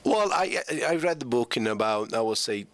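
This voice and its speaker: Male guest, playful storyteller, mid-pitched. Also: animated, a little fast, fairly bright tone, no echo. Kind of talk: casual chat.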